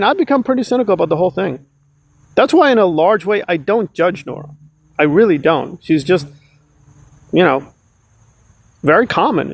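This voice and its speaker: Male commentator, sarcastic and emphatic, high voice that swings all over, dry close sound. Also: husky, no echo. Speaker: online commentator. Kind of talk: ranting commentary.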